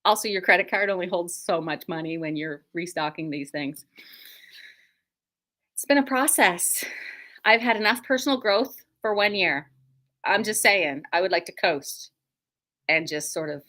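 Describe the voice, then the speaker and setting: A woman's voice: lowish voice, moderate pace, long pauses, fairly bright tone. A middle-aged woman, hosting a casual livestream from her quilt shop, joking and self-deprecating as she rambles.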